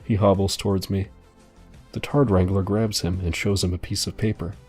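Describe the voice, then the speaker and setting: A man with a fairly low voice tells a story in a dry, deadpan narration. Faint music plays quietly behind him. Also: moderate pace, husky.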